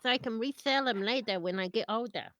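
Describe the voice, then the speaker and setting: A woman playing a tabletop game in character, playful and drowsy with a deadpan edge. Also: on the high side, quick pace, slight background noise. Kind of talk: in-character role-play.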